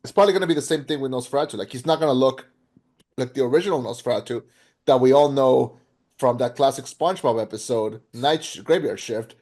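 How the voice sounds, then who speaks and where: Animated rambling man reviewing a film. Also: mid-range voice, quick pace. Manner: animated, rambling with frequent restarts and fillers. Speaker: podcast co-host. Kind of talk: casual film review chat.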